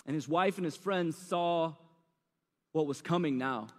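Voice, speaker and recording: A man's voice: a little high, a little slow, big-room sound. A man preaching a sermon, retelling the story in a casual, slangy, conversational way.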